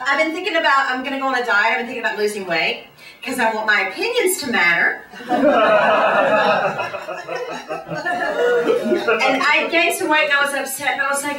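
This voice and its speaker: A woman with a Southern accent doing a stand-up set, delivering quick sardonic punchlines and mocking voices for the people she quotes. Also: high-pitched, expressive, a loud crowd. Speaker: stand-up comedian. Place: comedy club stage. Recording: roomy club sound from far off. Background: audience laughter.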